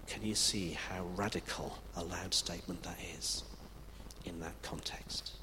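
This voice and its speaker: A man's voice: sits low, fairly even intonation, a little slow, pauses often. Man preaching in a reverberant hall. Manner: emphatic, swings between loud declaration and hushed delivery. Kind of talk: sermon. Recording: reverberant hall with faint background noise.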